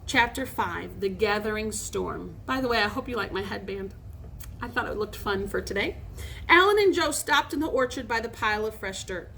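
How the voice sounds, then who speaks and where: Expressive woman reading aloud. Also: mid-range voice, normal speed, gravelly, a little hiss or hum. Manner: expressive, lively read-aloud. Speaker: storybook reader. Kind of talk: reading a children's novel aloud.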